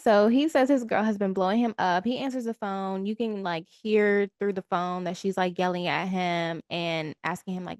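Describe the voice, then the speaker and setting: A woman co-hosting a podcast, casually recapping a TV episode and acting out the characters' lines in quick asides. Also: medium pitch, fairly even intonation, darkish tone, no room sound, clean studio sound. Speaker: podcast co-host.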